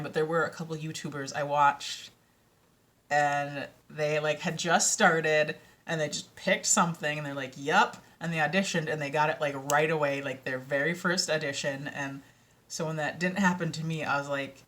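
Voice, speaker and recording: This weary vlogger, who also narrates audiobooks, talks casually in a Minnesotan accent with a deep, steady, fairly bright voice at a moderate pace. She wanders from thought to thought, second-guesses herself, and frequently slips into a whisper.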